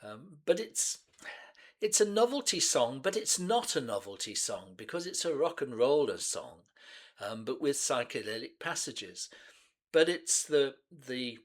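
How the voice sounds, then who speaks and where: A man in his seventies hosting a music reaction channel, reminiscing in an unhurried, hesitant way with many pauses and restarts. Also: medium pitch, very animated. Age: 70s.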